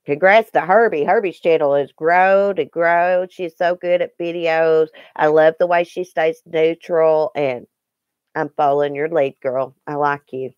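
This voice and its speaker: A woman's voice: sits low, steady tone, unhurried, clean tone, dry recording, highs cut off. A Southern woman hosting a casual livestream, chatting folksily with viewers by name and reading the chat. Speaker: YouTube livestream host.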